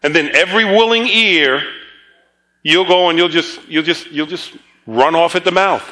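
A man's voice: a little high, moderate pace, sharp tone. A man preaching a conversational sermon, telling stories with chuckling asides and repeated words.

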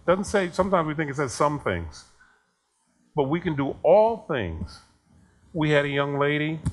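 A man's voice: mid-range voice, a bit bright. A man preaching a sermon in a conversational way, telling a story and acting out the dialogue with chuckles.

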